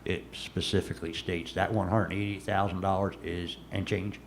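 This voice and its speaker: A man's voice: sits low, little pitch movement, moderate pace, creaky, a little hiss or hum. Emphatic New man at a council meeting. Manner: emphatic, repeats words when pressing a point. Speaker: city commissioner.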